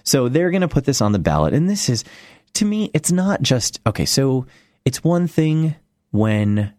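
A man hosting a radio talk show, giving sarcastic, animated commentary in casual banter. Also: medium pitch, normal speed, no echo, studio quality.

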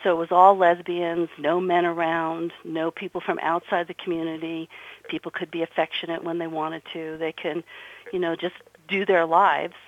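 A woman's voice: on the low side, level tone, normal speed, dry recording. A middle-aged woman from New Jersey, a guest and author, telling her story earnestly and with emphasis in an interview. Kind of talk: conversational interview. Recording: dull, muffled audio.

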